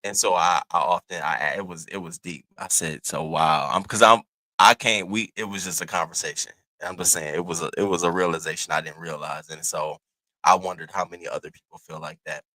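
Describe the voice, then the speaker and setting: A man hosting his own channel, telling a casual story to his viewers in an animated, profane, chatty way. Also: low voice, fairly quick, no room sound. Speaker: host.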